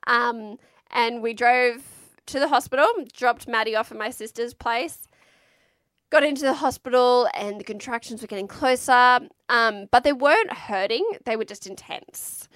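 A woman's voice: a little high, normal speed, fairly bright tone, no echo, clean studio sound. A woman, frankly recounting her birth story in a casual, chatty way, swearing freely.

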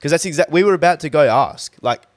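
Young man, casual chat, excitable, swears, dry mic. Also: fairly high pitch, dry recording. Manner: excitable, swears freely, quick interjections. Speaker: podcast co-host.

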